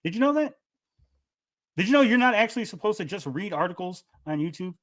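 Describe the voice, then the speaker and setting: A man's voice: high-pitched, expressive, a little fast, fairly bright tone. A man arguing heatedly and insistently, often interrupting and repeating himself. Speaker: debater. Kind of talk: heated argument.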